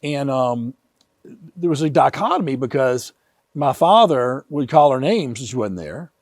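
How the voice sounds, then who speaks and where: A man in his fifties, an author telling personal stories in an earnest, animated way. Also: medium pitch, measured pace, dry recording, clean studio sound. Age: 50s. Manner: animated, earnest, vivid retelling. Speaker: author and guest. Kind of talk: emotional personal storytelling.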